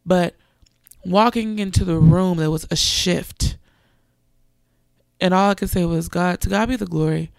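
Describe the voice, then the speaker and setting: A woman's voice: lowish voice, a little slow, vocal fry, pauses often, darkish tone, no room sound, studio quality. A young woman preacher, giving an earnest sermon testimony and animatedly quoting others.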